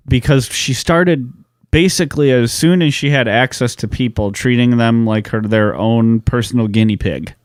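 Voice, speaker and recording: A man with an ordinary mid-range pitch co-hosts a casual podcast. He tells a dark history story in a loose, profane, joking way. The recording is dry and close. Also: normal speed, no room sound. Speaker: podcast co-host.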